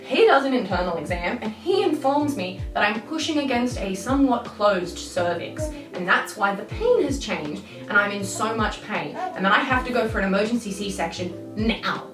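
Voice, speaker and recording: A woman's voice: mid-range voice, lively intonation, normal speed, few pauses, recorded from a distance. A young woman vlogging a candid, rambling story in an exasperated storytime manner. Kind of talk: storytime vlog. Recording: roomy echo, off-mic, music behind.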